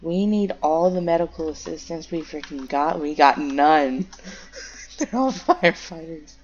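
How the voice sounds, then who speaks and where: A woman's voice: lowish voice, moderate pace, darkish tone, dull audio. A young woman chatting casually while playing a firefighter game, making radio calls and talking to her cats.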